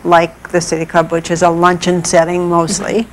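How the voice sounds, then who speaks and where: Measured lower-voiced woman explaining art. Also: completely flat delivery, slight background noise, low-quality recording. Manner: measured, thoughtful, with pauses and fillers. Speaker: art historian guest. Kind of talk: explaining in an interview.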